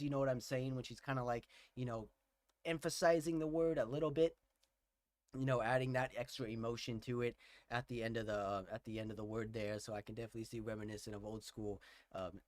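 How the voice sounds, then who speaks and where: A man with a fairly high voice hosts a casual album reaction, talking with excited energy and gushing over what he hears. His exclamations tumble out again and again. The sound is dry and close, with no room around it. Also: dry recording. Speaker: music reaction host.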